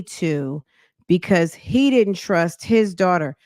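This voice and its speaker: A woman's voice: medium pitch, measured pace, darkish tone, smooth, no echo, studio quality. A woman hosting a podcast, chatting casually and a little out of breath, talking straight to her viewers with slang. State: slightly out of breath. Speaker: podcast host. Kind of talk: casual commentary chat.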